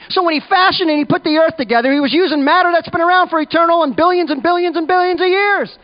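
A man with a very high voice preaching a sermon, emphatic yet conversational as he drives each point home. The recording is dull and lo-fi, muffling his voice. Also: quick pace, few pauses.

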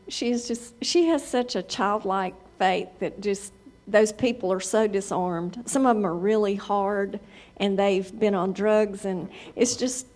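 A woman telling a church testimony in a chatty, casual way, laughing as she talks. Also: mid-range voice. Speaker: church member sharing a testimony.

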